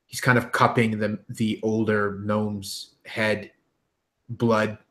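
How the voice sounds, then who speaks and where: A man narrating as game master of a tabletop game, halting with frequent ums and restarts. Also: on the low side, flat delivery, a bit bright.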